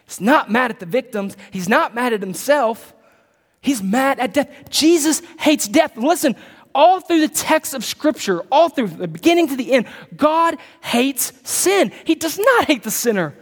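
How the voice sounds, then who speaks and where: A male pastor preaching an animated sermon, dropping to low murmurs and jumping to loud bursts. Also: unhurried. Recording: long reverb of a large hall.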